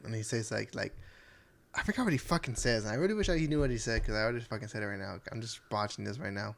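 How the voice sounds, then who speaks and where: A man's voice: on the low side, very fast, vocal fry. A man co-hosting a casual podcast, rambling, swearing and trailing off as he searches for his words. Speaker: podcast co-host. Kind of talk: casual chat.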